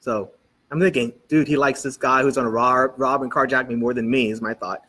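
A middle-aged male pastor tells a story from the pulpit with a husky, slightly rough voice. His pitch sits in the middle of the male range. He acts out each exchange, dropping his voice for the other man and lifting it for his own lines. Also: fairly quick. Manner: animated storyteller acting out dialogue. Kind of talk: storytelling sermon. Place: church.

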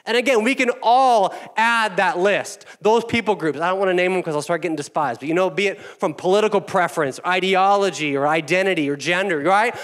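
A man's voice: sits high, brisk, a bit bright. A male pastor delivers a sermon with playful, self-deprecating humor. His voice sits a little above the usual male range.

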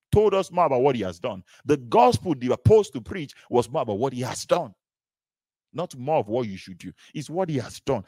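A man preaching a sermon in an animated way, repeating phrases and asking rhetorical questions. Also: a little high, no room sound.

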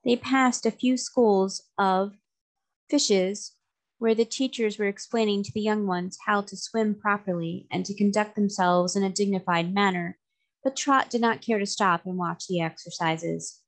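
A woman narrating a children's novel aloud in a steady, even way. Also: medium pitch, a little slow. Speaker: storybook reader.

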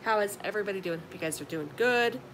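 A woman's voice: quick pace, a bit bright. A woman, chatting casually on a live stream and greeting viewers with affectionate pet names. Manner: chatty, affectionate, calls viewers honey and sweetie. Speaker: live-stream beauty vlogger. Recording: noisy with low rumble.

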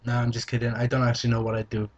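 A man's voice: medium pitch, monotone, racing, noisy background. A young man vlogging casually, answering viewer questions in a joking, playful way. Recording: slightly dull lo-fi recording.

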